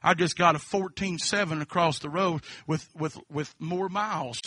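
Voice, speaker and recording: A high, sharply bright male voice, telling his testimony from the pulpit. He spins a folksy story, drops amens throughout, and flips between hushed asides and full shouting. The sound is close and dry. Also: normal speed, no echo. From Kentucky. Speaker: preacher. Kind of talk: sermon testimony.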